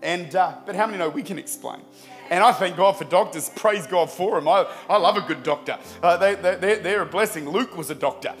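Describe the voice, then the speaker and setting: A man, a pastor preaching a sermon in a church service, telling anecdotes in a lively way and often repeating words. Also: sits high, brisk, soft background music. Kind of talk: sermon with storytelling.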